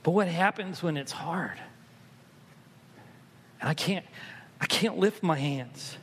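Male pastor, high voice, sermon swinging from quiet story to loud exhortation, reverberant room. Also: expressive, takes it slowly, slightly rough. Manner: swings from hushed storytelling to loud, emphatic preaching.

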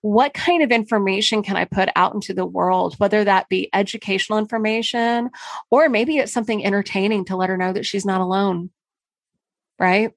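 Woman, middle-aged, gravelly fry in her voice, dry close sound, frank and emphatic, podcast monologue. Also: medium pitch, a little fast, no echo. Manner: candid and emphatic, with mild swearing. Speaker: podcast host and marketing consultant. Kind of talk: casual solo podcast monologue.

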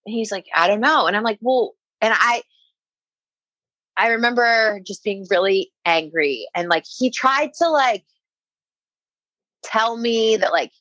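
A woman's voice: medium pitch, measured pace, pauses often, a bit bright, no echo, rough recording. A young adult woman telling a personal story in casual conversation, full of "like" fillers and quoting what others said.

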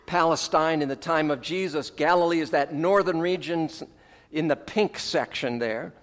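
A man preaching a sermon in a measured way, his phrases swelling with emphasis and then falling away at the ends. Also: on the high side, in a large hall. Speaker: pastor.

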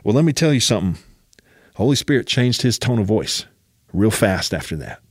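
A man's voice: fairly low pitch, lively intonation, moderate pace, no echo, studio quality. A man preaching a sermon as a personal story, emphatic and often urging his listeners to listen.

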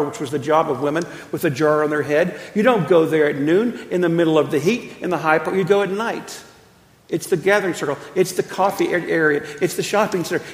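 A pastor in his fifties preaching a sermon, telling stories emphatically with slow, drawn-out pauses. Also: a little high. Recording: echoey church hall.

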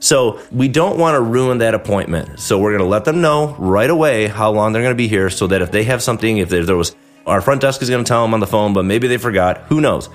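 Guy with a lowish voice running a casual dental biz podcast, animated, jumps into little character quotes, faint music under it. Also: fairly quick. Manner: animated, acts out patient and staff quotes. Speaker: podcast host, dentist. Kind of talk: casual instructional talk.

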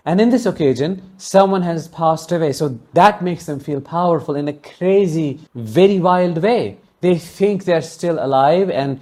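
A man's voice: a little high, animated, normal speed. A man hosting a solo podcast, telling a personal story in an earnest, emotionally charged way and speaking consolingly to his listeners. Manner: warm, consoling sign-off to listeners. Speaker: podcast host.

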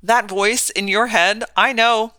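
Bright encouraging woman podcast host. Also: a little high, steady tone, slow, no echo. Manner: encouraging, rhetorical questions. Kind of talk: motivational podcast monologue.

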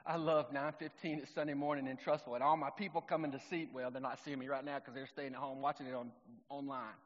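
A middle-aged man, preaching a sermon in a relaxed, conversational storytelling way. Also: medium pitch, fast talker. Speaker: pastor. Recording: long reverb, dull lo-fi sound.

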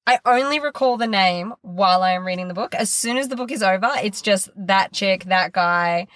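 A woman's voice: mid-range voice, normal speed, fairly bright tone, dry recording. A woman co-hosting a podcast, chatting casually and self-deprecatingly while recapping a book. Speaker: podcast co-host. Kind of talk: casual book-review chat.

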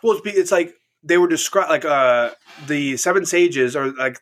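A man's voice: a little high, normal speed, fairly bright tone. A man co-hosting a casual chat, rambling and profane, restarting his sentences often while telling anecdotes.

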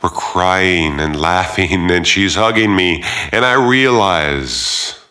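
A man narrating a first-person story, sardonic and profane, swinging between hushed reflection and heated rants. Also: low voice, expressive, slow, clean tone. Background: loud guitar music.

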